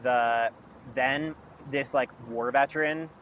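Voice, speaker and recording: A young man tells a long story in loose, casual chat, packing his sentences with "like". His voice sits at an ordinary middle pitch. Faint traffic noise hums behind him. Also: fairly even intonation, slow, a bit bright. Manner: rambling storyteller, heavy use of "like". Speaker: podcast guest.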